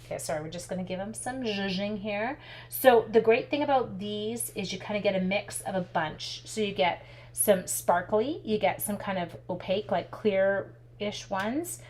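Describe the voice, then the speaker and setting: Working with her hands as she talks, a Canadian craft demonstrator gives a relaxed tutorial full of stories, chatty and animated throughout. Her mid-range voice moves at an ordinary speed, with slight background noise.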